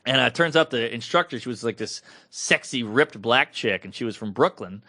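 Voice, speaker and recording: A man in his thirties co-hosting a podcast, telling a comic story in casual chat and acting out other people's voices. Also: brisk. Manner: animated, acts out other people's voices in high falsetto. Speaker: podcast co-host.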